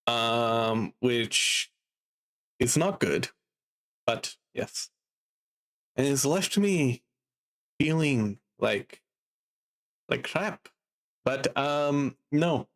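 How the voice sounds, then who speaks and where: A man streaming live and chatting casually, drowsy and a bit down, rambling slowly with lots of fillers. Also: medium pitch, expressive, a bit bright. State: sleepy and low in mood.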